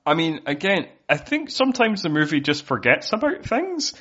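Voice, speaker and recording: A man's voice: on the high side, big pitch swings, moderate pace, fairly bright tone, slightly rough, lo-fi sound. A man who is a podcast guest, chatting casually in an amused, exasperated way and acting out confused questions. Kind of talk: casual chat.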